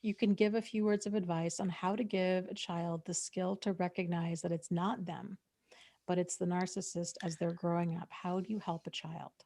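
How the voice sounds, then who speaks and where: Gravelly co-host woman, slow and hesitant. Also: on the low side, flat delivery, mellow, no echo. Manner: supportive, hesitant, many fillers. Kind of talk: live Q&A chat.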